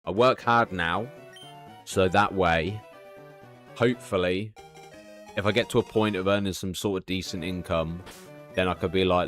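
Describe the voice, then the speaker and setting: A man's voice: deep voice, fairly even intonation, moderate pace, a bit bright, soft background music. A young man streaming and chatting candidly, confiding and swearing freely. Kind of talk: casual live-stream chat.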